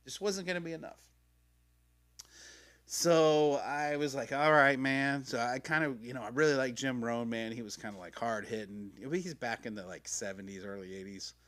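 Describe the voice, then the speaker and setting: A middle-aged man hosts a podcast on a podcast mic, his voice medium in pitch and normal in speed. He tells a personal story casually, rambling and slangy, swearing freely and acting out the quotes.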